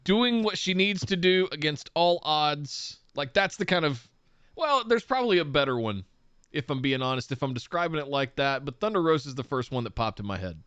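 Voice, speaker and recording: Casting: easygoing male host, smooth clear voice, very lively delivery. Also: on the high side, a little fast, no room sound, lo-fi sound. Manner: easygoing, laughs often. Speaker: podcast host. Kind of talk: casual chat, reading listener messages.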